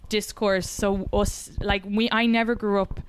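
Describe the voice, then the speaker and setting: A woman's voice: mid-range voice, little pitch movement, a little slow, smooth. An Irish woman, a comedian guest, chatting casually and telling stories with lots of "like" fillers. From Ireland. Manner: chatty storyteller, many "like" fillers. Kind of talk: casual chat.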